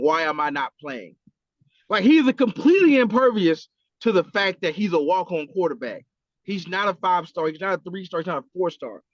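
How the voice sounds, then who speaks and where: Animated, profane man in casual podcast talk. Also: high voice, no room sound, lo-fi sound. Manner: animated, profane, acts out quotes. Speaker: podcast co-host. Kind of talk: casual chat.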